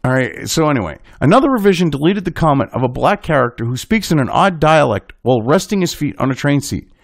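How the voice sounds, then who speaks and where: A man's voice: fairly high pitch, sing-song, fast, creaky, no room sound, studio quality. A man hosting a commentary show, ranting with indignant, sarcastic, profane outbursts.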